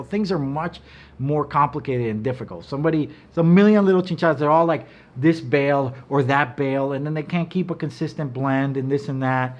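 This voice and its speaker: A middle-aged man telling stories in casual chat, animated and profane, acting out quotes in a loud high voice. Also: a little fast, muffled recording. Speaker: cigar brand owner. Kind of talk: casual storytelling.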